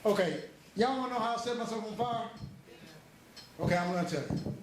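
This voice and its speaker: A man's voice: high voice, fairly quick, slight background noise, close to an everyday voice. An actor on a theater stage playing a veteran male stand-up comic who teases the crowd and then turns reflective. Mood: joking. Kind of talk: live stage stand-up impression. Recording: very echoey hall heard from far off.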